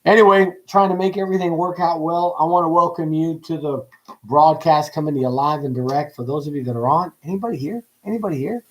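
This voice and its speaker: Upbeat preacher guy on a livestream, kinda high voice, jokes and keeps asking the viewers questions. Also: fast talker, low-quality recording. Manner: lively, joking, asks the audience many questions. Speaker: pastor. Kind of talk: livestreamed ministry teaching.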